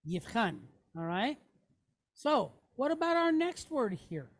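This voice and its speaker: Slow, patient woman teaching a class. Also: high-pitched, very animated. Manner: patient, checks in with "okay?" and questions to the class. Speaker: Hebrew teacher. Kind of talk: classroom lesson.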